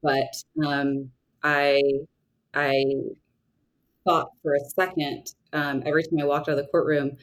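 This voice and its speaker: A woman's voice: low voice, flat delivery, a little slow, rough recording. A woman in her thirties from the Southern United States, a trial lawyer speaking thoughtfully and earnestly as a podcast guest, often restarting her sentences. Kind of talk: reflective conversational interview answers.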